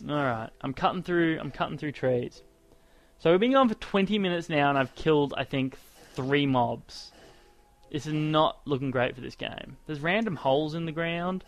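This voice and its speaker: Male gaming commentator, casual and sarcastic, quick to rant, slightly higher voice, dead-dry mic. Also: animated, no room sound. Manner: sarcastic, ranting, exclamatory. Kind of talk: casual let's-play commentary.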